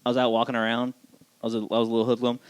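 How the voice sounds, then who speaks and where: A man's voice: medium pitch, completely flat delivery, very fast, smooth, dry recording. A man in casual podcast chat, joking, laughing often and restarting his words.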